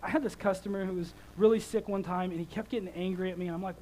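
A man in his thirties preaching a sermon, conversational and animated, telling stories with lively swings in loudness. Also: sits high, fast, a little hiss or hum, poor audio.

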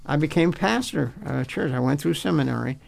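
Older male pastor with a raised, gravelly voice, sharing his personal faith story earnestly with stops and restarts. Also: a little high, expressive. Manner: earnest, halting, repeats words as he recalls.

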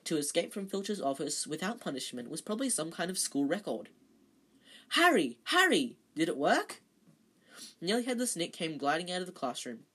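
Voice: mid-range voice, expressive, fast, few pauses, slightly rough. An amateur reader casually reading a novel aloud, stumbling and correcting themself now and then. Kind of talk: casual read-aloud narration with slips and self-corrections.

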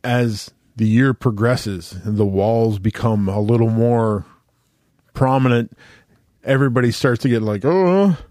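Slow-talking man telling a story. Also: fairly low pitch, fairly even intonation, darkish tone, no echo, clean studio sound. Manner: loose, profane, halting with fillers. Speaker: podcast host. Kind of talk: casual storytelling chat.

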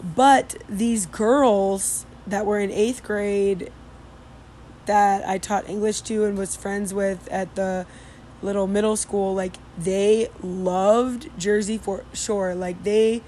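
Young woman, unhurried rambling storyteller with many fillers; faint noise. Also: medium pitch, fairly even intonation, mellow. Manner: rambling, many fillers and restarts, mimics Spanish street calls. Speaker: vlogger recounting study abroad. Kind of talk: casual storytelling.

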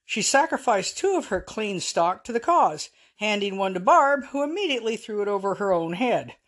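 A woman's voice: medium pitch, sing-song, normal speed. A woman author reading her own story aloud in a storytelling voice, wry, with dry asides. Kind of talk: storytelling narration.

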